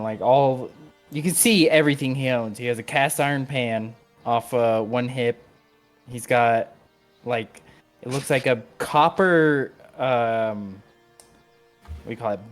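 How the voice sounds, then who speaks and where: A man running a tabletop game, describing a scene loosely with many "like"s and "uh"s. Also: mid-range voice. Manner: loose, filler-heavy description. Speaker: game master.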